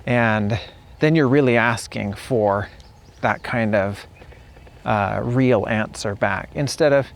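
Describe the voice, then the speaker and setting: Slow-talking man with a gravelly voice. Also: on the low side. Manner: unhurried, repeats example phrases to demonstrate them. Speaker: English teacher. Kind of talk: casual spoken lesson. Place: outdoors on a walk.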